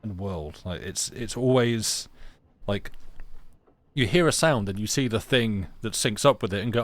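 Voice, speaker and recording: A young man talks over a narrative game in a loose, rambling way. He jokes and restarts his sentences, in a slightly low voice. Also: moderate pace. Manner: rambling, joking, many restarts. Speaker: streamer. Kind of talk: casual game commentary.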